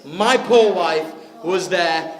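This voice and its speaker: A man's voice: high-pitched, takes it slowly, background noise. A man giving a wedding speech, telling a story in a chatty way. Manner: chatty storytelling, frequent laughs. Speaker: wedding speaker. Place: wedding reception hall. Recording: echoey hall with crowd.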